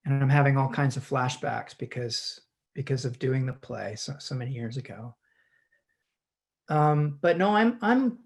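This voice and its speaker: Give me a man speaking haltingly over a video call, stumbling over his words as he explains. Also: mid-range voice. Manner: halting, frequent restarts and repeated words. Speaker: guest actor. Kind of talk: conversational teaching chat.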